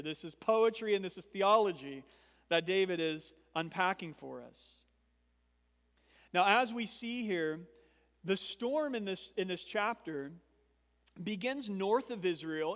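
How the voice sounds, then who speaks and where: A man's voice: high-pitched, fairly bright tone. A pastor preaching an expository sermon, teaching earnestly and swelling and dropping his volume for emphasis. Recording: long reverb of a large hall.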